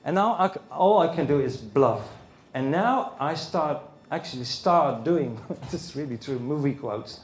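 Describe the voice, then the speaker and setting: A man's voice: on the high side, a little slow. A man speaking at a conference, telling a personal story to an audience and acting out the voices of the people in it. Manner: animated storytelling, acting out the other people's lines. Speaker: speaker at a men's issues conference. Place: conference hall. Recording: roomy hall sound.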